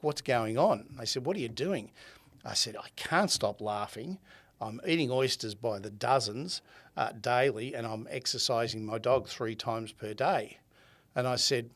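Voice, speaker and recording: A man in his seventies with an Australian accent, a podcast guest who tells his story with energy, acting out quoted dialogue and often laughing. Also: medium pitch. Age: 70s. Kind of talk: conversational storytelling.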